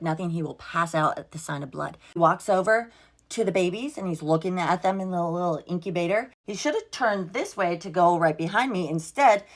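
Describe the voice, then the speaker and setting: A young woman telling a storytime vlog in a casual, exasperated way, swearing freely and acting out what everyone said. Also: on the low side. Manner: exasperated, swears freely, quotes herself and others.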